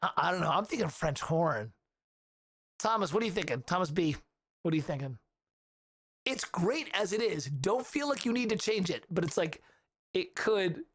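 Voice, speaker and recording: A man hosting a casual livestream, giving animated feedback on music and often humming the melodies aloud. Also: high voice, normal speed, pauses often. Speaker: livestream host reviewing music compositions.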